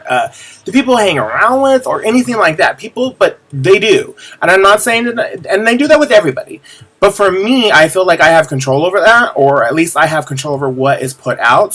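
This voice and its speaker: Bright-voiced young man, rambling vlog. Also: fairly high pitch. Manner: rambling and candid, many fillers and restarts, swears casually. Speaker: vlogger. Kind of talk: casual confessional vlog.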